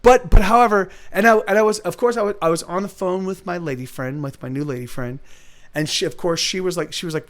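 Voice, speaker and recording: Rambling, profane man with a high voice. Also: brisk, a bit bright. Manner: profane, repetitive, restarts often; answers chat readers by name. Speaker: livestream host. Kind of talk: rambling casual monologue.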